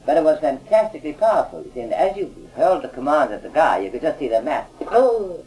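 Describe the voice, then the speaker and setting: A man's voice: on the high side, big pitch swings, fast talker, dark tone, a little hiss or hum, rough recording. A man recounting his past work as an auditor in a rambling, conversational way, often adding "you see.". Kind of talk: anecdotal recorded talk.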